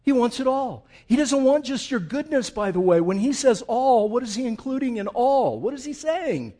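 A man preaching a sermon with emphasis, who asks the congregation questions and moves between loud and hushed passages. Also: extremely high pitch, sing-song, moderate pace. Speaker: pastor.

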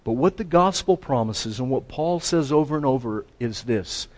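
A man's voice: medium pitch, animated, normal speed, hardly any pauses, a little mellow. A man preaching a sermon to a class, earnest and building to emphatic stress, often restarting his sentences. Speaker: pastor teaching a class.

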